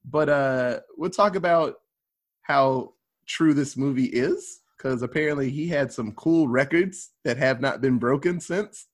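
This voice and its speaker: A man's voice: mid-range voice, measured pace. A man hosting a casual movie podcast, talking loosely and rambling with plenty of fillers and swearing. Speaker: podcast host.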